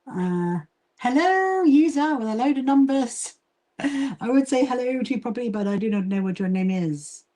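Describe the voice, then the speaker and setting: A woman from Brighton, England, with a southern English accent, chatting casually on a livestream while she sews and greets viewers by name. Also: fairly high pitch, animated, normal speed. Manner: chatty, reads and greets viewer comments, frequent fillers and laughs. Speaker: livestream host, quilting association founder.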